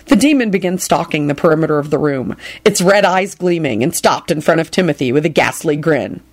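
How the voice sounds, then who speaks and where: A woman's voice: deep voice, brisk. A woman reading a story aloud, narrating between character voices. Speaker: reader. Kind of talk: reading fan fiction aloud.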